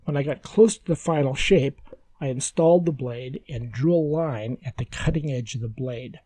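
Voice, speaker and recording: A man giving calm, measured, step-by-step woodworking instructions as a scripted voice-over. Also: medium pitch, no echo.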